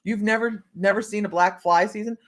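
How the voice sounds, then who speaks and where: Her voice is medium in pitch, steady in tone and fairly quick. She's an Ohio psychic reader running a livestream, laying out cards, greeting viewers by name in easy conversation and laughing a lot.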